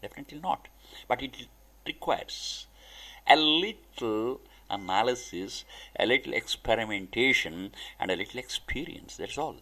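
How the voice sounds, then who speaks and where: A man giving a spiritual discourse, speaking deliberately in short emphatic phrases. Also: medium pitch, fairly bright tone. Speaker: spiritual teacher.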